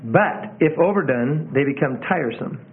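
A man's voice: fairly high pitch, lively intonation, normal speed. A man teaching about sermon delivery in a conversational way, often repeating phrases and correcting himself. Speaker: preaching instructor. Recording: tinny phone-like audio.

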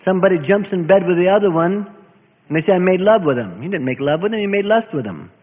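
A man preaching a sermon in an earnest, searching way, often repeating his words and dropping from loud to hushed. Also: sits high, lively intonation, fast talker. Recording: tinny phone-like sound with long hall reverb.

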